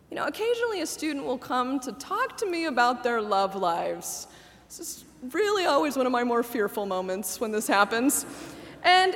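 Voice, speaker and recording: Brief: woman preacher, forties, warm-humored sermon style, higher pitch, echoey sanctuary sound. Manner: conversational, laughs at her own asides. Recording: echoey hall reverb.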